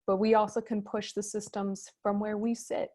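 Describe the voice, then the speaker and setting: A woman moderating a fireside chat over a video call, explaining terms in a measured, teacherly way. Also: medium pitch, flat delivery, darkish tone.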